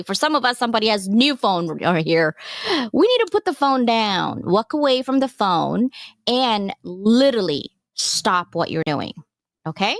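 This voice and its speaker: A woman's voice: medium pitch, no echo, studio quality. A woman giving a casual live presentation as a workshop presenter, chatty and encouraging, with frequent digressions.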